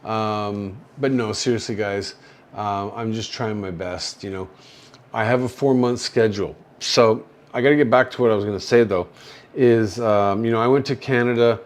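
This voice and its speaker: An older man hosting a casual livestream, talking in a halting, rambling way with many fillers and soft chuckles as he reads viewer chat. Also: lowish voice, fairly even intonation.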